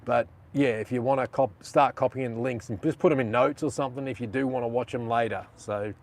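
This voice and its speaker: A man's voice: mid-range voice, steady tone, fairly quick. A man with an Australian accent hosting a casual live stream, chatting and rambling in slang.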